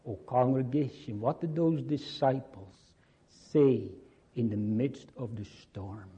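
A man preaching a sermon to a congregation, earnest and slow, repeating key phrases. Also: medium pitch, mellow, breathy edge, muffled recording.

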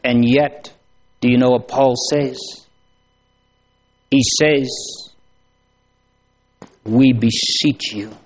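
A male preacher delivering a sermon at an unhurried, deliberate pace. His pitch sits in an ordinary middle range, and his phrases climb into earnest, emphatic pleas. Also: fairly even intonation. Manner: slow, solemn preaching with rising emphatic pleas.

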